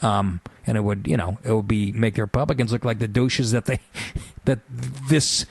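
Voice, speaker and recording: A man's voice: fairly low pitch, fairly even intonation, moderate pace, vocal fry, a little mellow, slightly rough, dry recording. A man hosting a talk radio show, delivering a sarcastic, profane rant.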